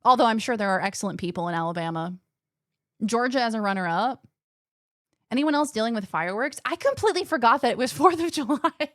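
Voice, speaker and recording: A young woman streaming a game, chatting with her viewers in quick, casual asides. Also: fairly high pitch, expressive, dry recording, clean studio sound. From Australia. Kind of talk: casual chat while gaming.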